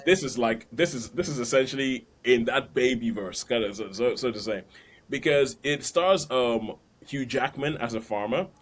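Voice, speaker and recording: A man's voice: medium pitch, moderate pace. Chatty man reviewing films. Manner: chatty, laughs between points. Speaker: podcast host. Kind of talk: casual film review chat.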